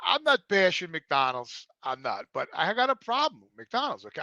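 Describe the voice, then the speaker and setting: Male podcast host, bright animated storyteller, dry close-miked sound, high voice that leaps around. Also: normal speed, no room sound, dull audio. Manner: animated storyteller, repeats words when excited. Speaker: show host. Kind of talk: casual podcast chat.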